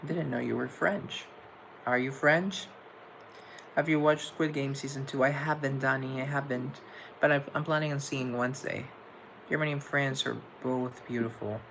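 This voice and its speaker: Young male streamer, mid-pitched and a bit gravelly, chatty and campy as he reads out viewer comments. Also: fairly even intonation, moderate pace, a bit bright, slight background noise, low-quality recording. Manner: chatty, playful and campy, with pet names for viewers. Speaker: livestream host. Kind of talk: casual chat reading viewer comments.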